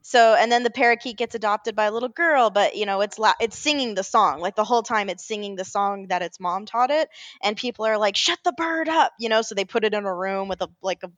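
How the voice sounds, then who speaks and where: A woman co-hosting a casual podcast, telling stories in an animated, rambling way, full of fillers and self-corrections. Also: medium pitch, fast, dry recording. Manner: animated storytelling, often laughing. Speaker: podcast co-host. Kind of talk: casual chat.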